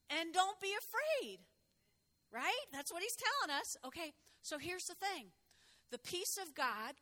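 A woman pastor preaching a lively sermon, calling out to the congregation and prompting them to repeat after her. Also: sits high. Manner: lively, call-and-response with congregation, exclaims.

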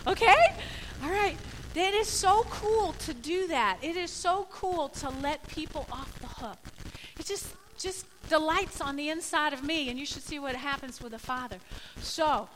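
Woman pastor, high bright voice, lively conversational sermon, slips into quoted voices. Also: moderate pace, a little hiss or hum, poor audio.

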